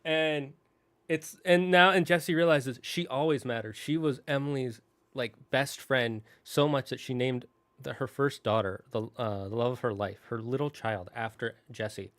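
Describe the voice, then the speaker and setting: Retelling a film's story in a relaxed, rambling way full of fillers, this married adult show host voices the characters' lines himself and sometimes tears up. His mid-range voice is a bit bright and unhurried, and there's no room sound.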